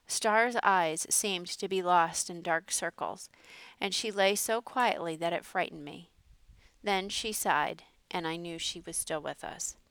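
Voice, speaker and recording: A woman narrating a storybook in a measured way. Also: lowish voice, fairly bright tone, clear, resonant tone, dry recording.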